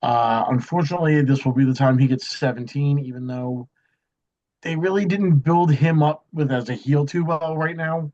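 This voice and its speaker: A man's voice: fairly high pitch, normal speed, darkish tone. Man with muffled lo-fi audio. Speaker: co-host. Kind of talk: casual chat.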